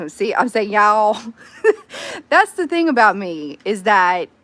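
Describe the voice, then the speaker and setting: A woman with a Southern US accent, chatting casually with her livestream viewers from her phone, animated and quick to squeal and laugh. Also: mid-range voice, no room sound. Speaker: livestream host.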